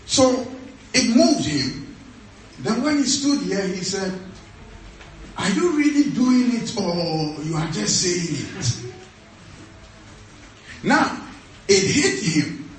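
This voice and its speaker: A man preaching a sermon in a church, pitched higher than most men. He is emphatic, hammers short phrases again and again and often laughs. The sound booms around a very echoey hall, picked up from some distance with a faint hum of the room. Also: sing-song, slow, pauses often.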